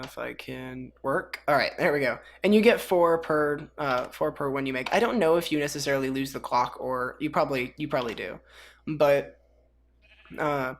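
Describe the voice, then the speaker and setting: A woman casually walking through a game mod as a video host, chatty and rambling with self-mocking jokes. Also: rumbling low. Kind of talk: casual mod tutorial commentary.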